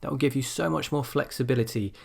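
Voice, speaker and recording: A man's voice: mid-range voice, fast talker, gravelly. A man teaching English grammar in a recorded video lecture, explaining step by step and acting out rising and falling intonation on example sentences.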